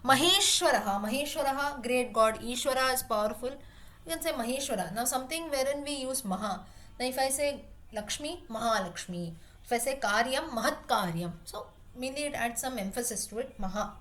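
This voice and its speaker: A woman's voice: sits high, animated, fairly bright tone. Patient woman teaching a class. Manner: patient, repeats terms and pauses to rephrase. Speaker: Sanskrit teacher. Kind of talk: explaining word meanings in a class.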